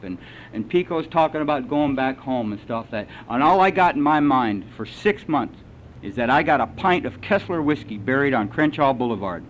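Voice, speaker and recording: A man telling his recovery story to a meeting, salty and animated, with lively asides. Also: medium pitch, lo-fi sound, slight background noise. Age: older. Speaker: AA meeting speaker.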